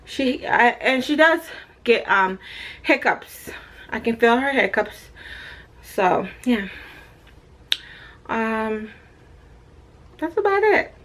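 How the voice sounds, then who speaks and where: Woman from jamaica in her thirties doing a chatty pregnancy vlog, kinda high voice, jokey and teasing herself. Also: sing-song, takes it slowly, pauses often, a bit bright. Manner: chatty, playful, self-mocking asides. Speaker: vlogger. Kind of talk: casual pregnancy update vlog.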